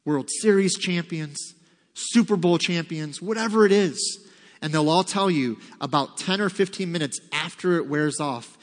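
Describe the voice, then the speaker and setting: A man's voice: fairly high pitch, moderate pace. Man preaching in a reverberant hall. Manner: conversational preaching, reads scripture aloud, acts out voices. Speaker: pastor. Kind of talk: sermon. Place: church sanctuary. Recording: long reverb of a large hall.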